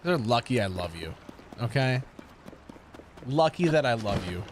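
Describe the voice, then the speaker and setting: Sassy, animated man in his thirties. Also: medium pitch, a little slow, slight background noise. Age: 30s. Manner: sassy, sarcastic banter. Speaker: livestream gamer. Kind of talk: casual stream chat with viewers.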